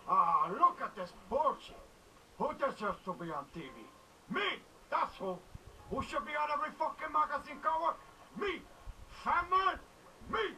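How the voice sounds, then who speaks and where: Game gangster boss, brash and boastful; high, lively delivery, distant audio. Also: male voice, moderate pace, slight background noise, exaggerated voice. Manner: cocky, taunting, shouty boasting. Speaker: video game character.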